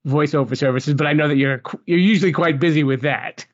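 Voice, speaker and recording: Easygoing podcast host, mid pitch. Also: quick pace, no echo, muffled recording. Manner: easygoing, laughs often, brief replies. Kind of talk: casual podcast chat.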